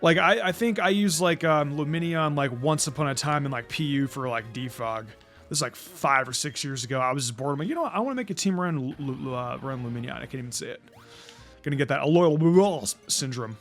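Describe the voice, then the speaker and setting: Rambling young man with a higher voice. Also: brisk, fairly bright tone, faint music behind. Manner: rambling, frequent fillers and stammered restarts. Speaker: gaming commentator. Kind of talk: casual let's-play commentary.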